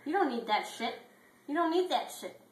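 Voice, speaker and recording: A woman's voice: very high-pitched, expressive, brisk, roomy sound, pitched above the performer's own voice. Woman doing a blunt pep-talking big dog. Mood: hyped. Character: big laid-back encouraging male dog.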